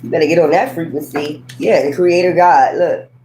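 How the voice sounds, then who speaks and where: A woman's voice: low-pitched, moderate pace, noisy background. A woman giving a casual tarot reading in a blunt, profane, scolding way, full of rambling sassy asides. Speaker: tarot reader.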